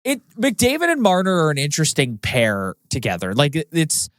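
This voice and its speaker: A man co-hosting a hockey podcast, analyzing the game in a measured, casual way. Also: fairly high pitch, wildly swooping pitch, no room sound, studio quality. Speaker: podcast co-host.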